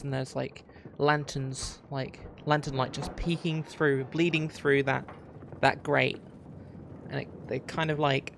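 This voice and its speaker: A man's voice: medium pitch, creaky, a little hiss or hum. A man narrating a tabletop pirate adventure as game master, with lots of "um" and "like" as he describes the scene. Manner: hesitant, filler-heavy narration. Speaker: dungeon master.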